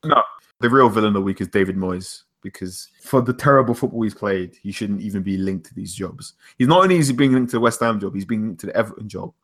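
A fast-talking man with a fairly low, fairly bright voice co-hosts a casual football podcast. Chatty and opinionated, he names the hero and villain of the week.

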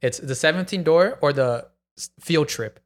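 A man's voice: on the high side, moderate pace. A man in a casual chat, telling a wild story with gasps, acted-out quotes and plenty of swearing.

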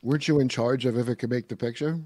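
A man's voice: medium pitch, steady tone, fast, dark tone, no room sound. A man playing the easygoing sidekick in a casual comedy chat. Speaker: co-host sidekick.

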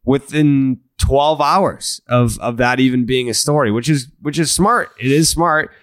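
A man weighs in on baseball during a casual podcast, talking in a conversational, profane and analytical way. His voice sits at an average pitch. The recording is dry. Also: unhurried, a bit bright, no echo. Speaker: podcast co-host. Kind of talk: casual sports chat.

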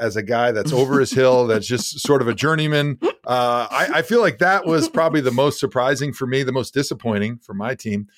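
Male co-host, lively intonation, dry self-deprecating humor, casual sports talk. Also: medium pitch, dry recording. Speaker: podcast co-host.

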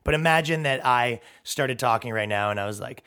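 Guy ranting on his podcast, sarcastic and sweary, middle-pitched voice, just rolls on and on. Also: brisk, bright, forceful tone, smooth. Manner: sarcastic, profane, rambling rant. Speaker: podcast host. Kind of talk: comedic monologue.

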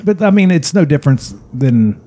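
A man's voice: fairly high pitch, very animated, moderate pace, mellow. A man co-hosting a podcast, talking in a rambling, offhand way with fillers. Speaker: podcast co-host. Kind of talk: casual chat.

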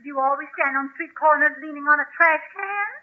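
A woman's voice: high voice, fairly quick, lightly acted. An actress playing a vain, aging society woman in a 1940s radio comedy, haughty and snippy. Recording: muffled old radio broadcast, loud hiss.

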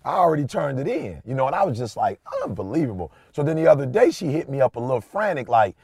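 A middle-aged man co-hosting a podcast, chatting casually and telling an animated, slangy story with lots of emphasis. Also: mid-range voice, fast talker, creaky, husky. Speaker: podcast co-host. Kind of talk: casual chat.

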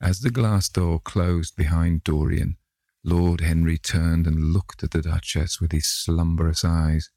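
A deep-voiced man narrating a classic novel at a measured, unhurried pace. His voice is gravelly, with a husky texture. The recording is dry and close. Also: flat delivery, warm tone, no room sound. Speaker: audiobook narrator.

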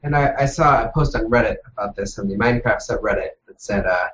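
A man's voice: mid-range voice, quick pace, a bit bright. A young man on a casual gaming podcast, hesitant and often trailing off. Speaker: podcast panelist. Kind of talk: casual chat. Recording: dull, faintly noisy audio.

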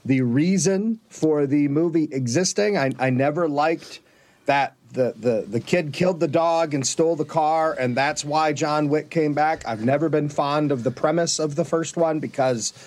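A man's voice: on the high side, normal speed, a little mellow. Blunt opinionated man. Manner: blunt, opinionated, swears casually. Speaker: podcast co-host. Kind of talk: casual film discussion.

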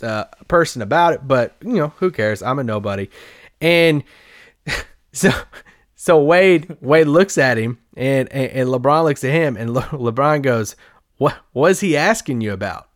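A man's voice: medium pitch, unhurried, dry recording, studio quality. A man hosting a podcast, a sports reporter telling a story in a loose, rambling way and laughing often as he goes. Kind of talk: casual anecdotal storytelling.

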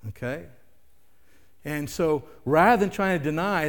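Older man, pastor, sermon, raised pitch, long reverb, conversational with rhetorical questions. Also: moderate pace.

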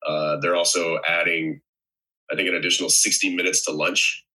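A man with a very deep voice that still rings bright and forward, chatting casually as an actor on a podcast. He meanders through his points with a dry, wry humor. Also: little pitch movement, normal speed, poor audio.

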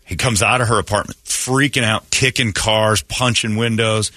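A man with a low but bright, forceful voice hosts a casual morning radio show. He tells stories with energy and jumps up high when acting out what people said. The sound is dry and close. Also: normal speed, dry recording. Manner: animated storytelling, acts out quotes in a raised voice.

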